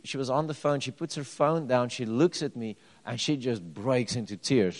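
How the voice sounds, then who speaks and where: A man preaching a sermon, swinging between loud declarations and quiet personal stories. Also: medium pitch, moderate pace. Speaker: pastor. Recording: long hall reverb.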